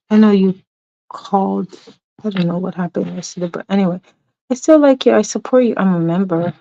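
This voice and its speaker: A woman's voice: mid-range voice, darkish tone, dry recording, rough recording. A woman hosting a casual livestream, talking through drama with her chat in a rambling way, sometimes dropping to a near whisper. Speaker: livestream host. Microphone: phone.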